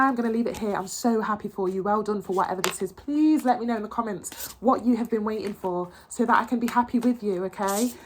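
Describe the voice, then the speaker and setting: A young adult woman giving a casual tarot reading, talking in an emotional, encouraging way with frequent restarts and repeated phrases. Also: fairly high pitch. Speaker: tarot reader.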